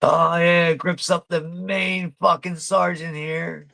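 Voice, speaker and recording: A man's voice: fairly high pitch, flat delivery, slow pace, creaky, hardly any pauses, sharp tone, no echo. A man hosting a live watch party, commenting casually over a film, laid-back, swearing freely and laughing often.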